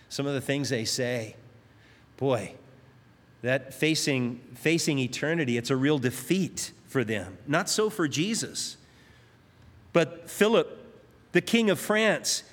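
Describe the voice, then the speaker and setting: Male pastor, slightly high voice, emphatic sermon delivery, reverberant church hall. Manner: emphatic preaching with rising, stretched climaxes.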